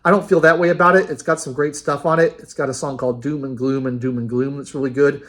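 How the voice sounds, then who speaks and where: A man's voice: mid-range voice, fairly even intonation, quick pace, fairly bright tone. A man casually ranking a band's albums in a rambling, enthusiastic monologue, with many fillers and restarts. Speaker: music reviewer.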